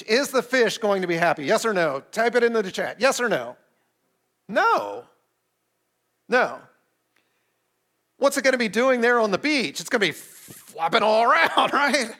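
A man's voice: high-pitched, sharp tone. A man preaching a sermon in a conversational, playful way, often putting questions to his listeners. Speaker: pastor. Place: streamed service addressing an online chat.

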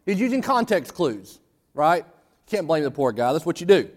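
A man preaching a sermon in a church, talking conversationally and getting animated for emphasis. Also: a little high, normal speed, in a large hall. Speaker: pastor. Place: church sanctuary.

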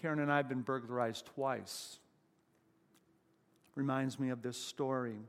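A man preaching a sermon as pastor, emphatic, with loud rising exclamations and questions put to the congregation. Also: mid-range voice, steady tone, measured pace. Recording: long hall reverb.

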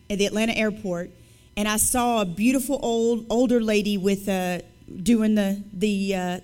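A woman speaking at a church service, telling her testimony as an author and guest speaker in a lively, conversational, emphatic storytelling way. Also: fairly high pitch.

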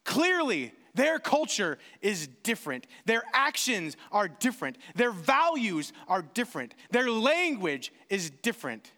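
A man preaching a sermon in a lively, animated way, acting out short voices of people as he explains his point. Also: high-pitched, a little slow, hardly any pauses, long reverb tail. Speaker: pastor.

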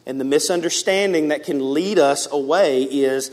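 Man preaching with dramatic swings. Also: a little slow. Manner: animated preaching, big swings in pitch and loudness; addresses the congregation casually as guys. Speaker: pastor. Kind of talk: sermon.

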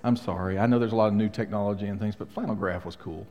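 Middle-aged pastor preaching in a reverberant hall. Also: male voice, on the low side, fairly even intonation, fast, darkish tone. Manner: emphatic, rhetorical questions to the congregation. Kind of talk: sermon. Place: church sanctuary.

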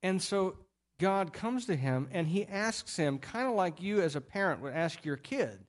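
A middle-aged man preaches a sermon from the pulpit. He tells the story in an animated way and drops into playful voices for the people he quotes. His speaking voice sits slightly high for a man. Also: a little slow. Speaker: pastor.

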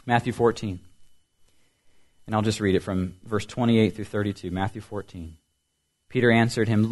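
A man preaching a sermon as pastor, building to loud emphasis and dropping to soft, quiet lines, often repeating and asking questions. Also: on the low side, fairly even intonation, normal speed, long pauses. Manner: dynamic preaching, swings from loud emphasis to soft near-whispers.

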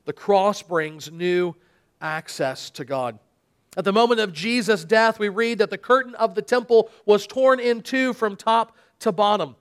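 A man preaching in a church service, reading scripture dramatically and then explaining it. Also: high-pitched. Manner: dramatic reading with emphatic quoted speech.

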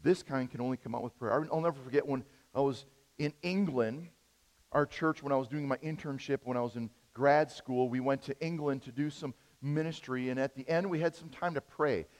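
Animated preacher in an echoing hall. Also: male voice, medium pitch, a little fast. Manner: animated storytelling, big swings in loudness. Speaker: pastor. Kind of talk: sermon.

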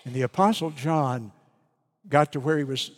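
Male preacher, mid-pitched, slow and deliberate storyteller; long hall reverb. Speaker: pastor. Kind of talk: sermon.

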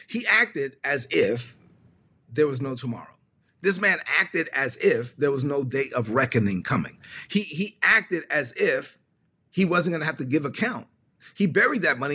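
A man's voice: fairly high pitch, sharp tone, breathy edge. A man preaching a livestreamed sermon, emphatic and repetitive, often acting out little dialogues. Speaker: pastor.

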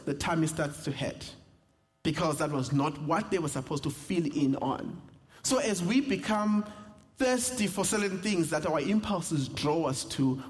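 A young South African man, a pastor, preaching a sermon with humor and personal stories. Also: a little high. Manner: storytelling with humor, animated asides. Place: church sanctuary. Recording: reverberant church hall.

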